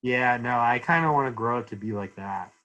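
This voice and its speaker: Young male podcast co-host, dry deadpan jokes, mid-pitched voice. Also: fairly quick, dull audio. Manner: deadpan, joking. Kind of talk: casual podcast chat.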